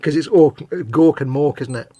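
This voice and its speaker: A man's voice: fairly high pitch, moderate pace, mellow, no echo. A middle-aged man co-hosting a live hobby stream, chatting casually and teasing while he builds models. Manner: jokey, rambling, teasing.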